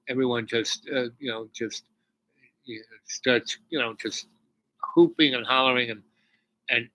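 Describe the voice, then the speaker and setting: A man tells a personal story in a halting, rambling way, full of restarts, and his voice sinks almost to a whisper when he is moved. His tone is bright and forceful, and the recording is close and dry. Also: medium pitch, dry recording, rough recording. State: tearful near the end. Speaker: spiritual storyteller.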